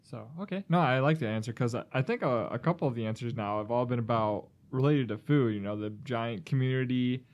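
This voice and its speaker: A man hosting a podcast, announcing in a jokey, energetic way. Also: medium pitch, brisk, few pauses, highs cut off. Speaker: podcast host.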